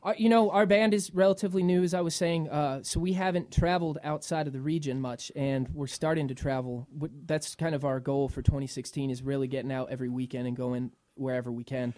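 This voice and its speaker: A man, a string-band musician, chatting casually and quickly about his band's shows. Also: medium pitch, fairly even intonation, darkish tone, dry recording. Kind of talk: live radio performance and chat.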